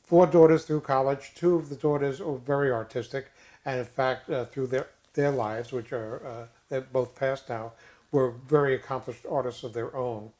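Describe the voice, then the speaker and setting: An older man chats casually as a co-host, his voice sitting at an ordinary middle pitch. He talks haltingly, full of fillers and restarts. Now and then he slips in a jokey aside. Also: fairly even intonation, darkish tone. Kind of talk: casual chat.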